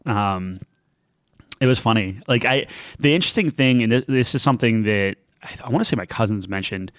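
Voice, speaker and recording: In clean, echo-free studio audio, a young man co-hosting a podcast talks briskly in a lowish, slightly bright voice. His casual chat meanders with plenty of fillers and restarts.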